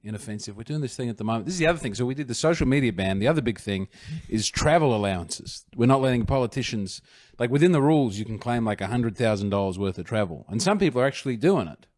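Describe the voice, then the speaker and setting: Lively man, dry-voiced. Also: medium pitch, fast, no room sound. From Australia. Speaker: podcast co-host. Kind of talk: casual comedic chat.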